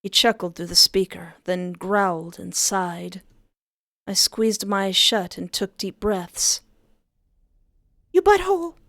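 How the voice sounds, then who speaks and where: A woman reading a story aloud, often breaking off into excited, squealing asides. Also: on the low side, slow pace, gravelly, no echo, clean studio sound. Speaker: story reader.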